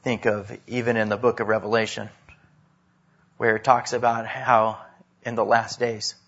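A man preaching a sermon, swinging between loud emphasis and hushed drops. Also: lowish voice, level tone, moderate pace, breathy edge, lo-fi sound. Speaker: pastor.

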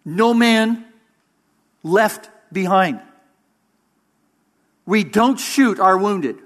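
A man preaching a sermon as interim pastor, measured and emphatic, with pauses for weight. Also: sits high, a bit bright.

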